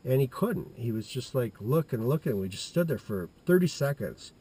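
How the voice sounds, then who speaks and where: A middle-aged man telling a childhood anecdote in a halting, rambling way, full of restarts and fillers. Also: medium pitch, very animated, warm tone, husky. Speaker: storyteller.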